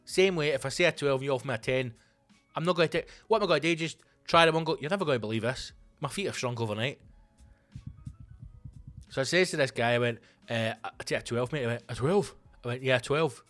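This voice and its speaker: A Scottish man in his thirties, a comedian hosting his own show, telling stories in a loose, swearing, animated way. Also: medium pitch, quick pace, faint music behind. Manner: swearing, animated storytelling with voiced asides. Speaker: comedian podcast host. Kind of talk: casual comic monologue.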